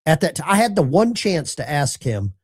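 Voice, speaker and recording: A man's voice: fairly high pitch, very animated, normal speed, breathy edge. A man from Alabama hosts a call-in show and spins a long, rambling, folksy yarn full of restarts and asides. His voice swings widely up and down as he talks. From Alabama, USA. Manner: rambling, folksy, with self-interruptions. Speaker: talk show host. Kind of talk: casual storytelling on a call-in show.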